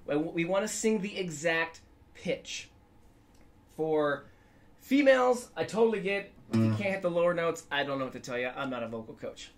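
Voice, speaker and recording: A man's voice: on the high side, expressive, normal speed. A man giving a casual guitar lesson in an upbeat, chatty way, now and then singing notes to show the method. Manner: upbeat, chatty, sings scales to demonstrate. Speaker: guitar teacher.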